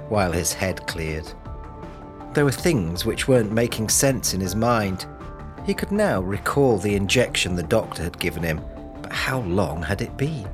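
Deep-voiced male audiobook narrator. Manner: steady, measured storytelling. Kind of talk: scripted narration. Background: music.

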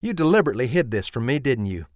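Male narrator plays a friendly woman, teasing and lilting, high and bright for a man. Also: very animated, rapid-fire, no room sound, studio quality, close to an everyday voice. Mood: breezy. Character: warm Southern woman mechanic's friend, confident. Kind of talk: audiobook character voice.

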